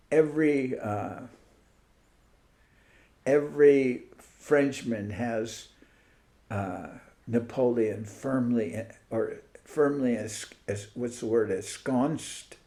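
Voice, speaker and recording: Brief: male spiritual teacher, slow gravelly delivery, informal video-call talk, thinks aloud and hunts for words. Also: mid-range voice, mellow. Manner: musing, searches aloud for words and names. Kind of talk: informal online talk to devotees.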